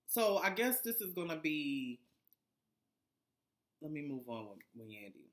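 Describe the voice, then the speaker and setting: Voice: medium pitch, very animated, measured pace, pauses often, fairly bright tone. A vlogger recapping a reality TV episode in a casual, profane and sarcastic way, rambling with lots of fillers and restarts.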